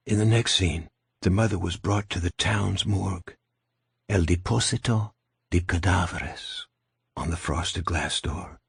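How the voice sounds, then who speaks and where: Husky male audiobook narrator, dry sound. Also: on the low side, dry recording. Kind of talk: scripted narration.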